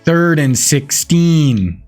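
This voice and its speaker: A young man commentates his own video game in a quick, casual way and bursts into shouts when a play lands. His voice sits a little high. Faint music plays underneath. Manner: excitable, shouts on big plays, fast casual play-calling. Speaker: gaming YouTuber.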